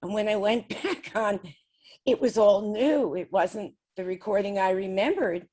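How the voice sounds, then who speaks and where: A woman guest recounting her experiences in an easygoing, conversational manner. Her voice sits at an ordinary middle pitch, and she chats along with light laughs dropped between her sentences. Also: measured pace, dark tone. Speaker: guest describing spirit communication experiments. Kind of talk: casual storytelling.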